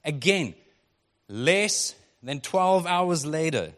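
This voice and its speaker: A male pastor with a fairly high voice preaches a sermon in a relaxed, conversational style, recorded with long hall reverb. He reads scripture and breaks into quick acted-out quotes.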